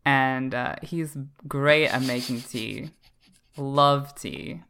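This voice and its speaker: A man's voice: mid-range voice, extremely slow, gravelly, sharp tone, clear, resonant tone. A man from Canada in a casual comedic podcast chat, talking in a playful, campy, teasing way. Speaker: podcast co-host.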